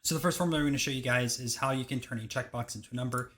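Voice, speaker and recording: A young man hosting a screen-recorded software tutorial, giving brisk step-by-step instructions in casual phrasing. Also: mid-range voice, slight background noise.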